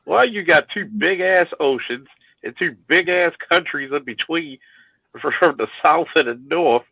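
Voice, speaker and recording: A man's voice: on the high side, unhurried, creaky, breathy edge, no room sound, phone-quality sound. A man hosting a casual chat, swearing freely, laughing and restarting his sentences. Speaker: host.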